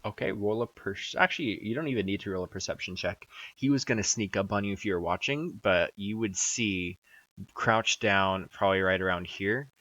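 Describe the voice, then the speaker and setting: Man game master, low voice, relaxed narration, dry muffled lo-fi recording. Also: normal speed, dry recording. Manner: relaxed, laughs between lines.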